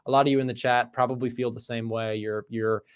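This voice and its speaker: Animated male trading livestreamer. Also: mid-range voice, fairly quick, smooth. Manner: conversational, asks "right?" often; animated, emphatic, loud bursts. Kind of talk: live market commentary.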